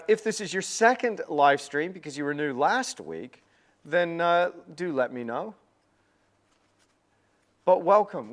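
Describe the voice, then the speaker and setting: A man hosting a casual painting livestream, chatty and upbeat, often repeating words, with a self-deprecating manner. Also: on the high side.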